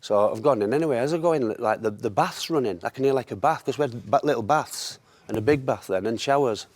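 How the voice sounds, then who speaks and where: A man, a former footballer telling anecdotes in lively chat, often laughing at his own stories. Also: medium pitch, fast talker, no room sound.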